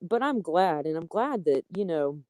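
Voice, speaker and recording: A woman chatting casually on a show, quick to laugh. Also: fairly low pitch, very animated, dark tone, dry recording. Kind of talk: casual chat.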